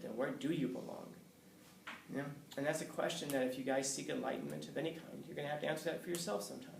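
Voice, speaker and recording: A male college professor with a fairly high voice and vocal fry shares a candid story with his class in a conversational way, cursing and laughing softly at times. The audio is roomy and distant, with a faint hiss underneath.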